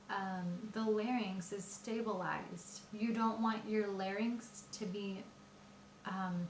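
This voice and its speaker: Woman voice teacher, unhurried delivery, patient and explanatory, roomy echoey space. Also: medium pitch, a little hiss or hum. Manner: patient, explanatory, with frequent pauses and fillers. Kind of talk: singing lesson explanation. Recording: roomy echo.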